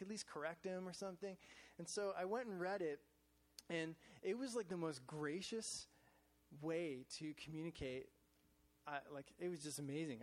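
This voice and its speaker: A man telling a casual, rambling story to a church group, full of fillers and restarts. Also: on the high side. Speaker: church staff speaker sharing a devotional. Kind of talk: informal testimony talk to a group. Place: in front of a group, gadgets in hand.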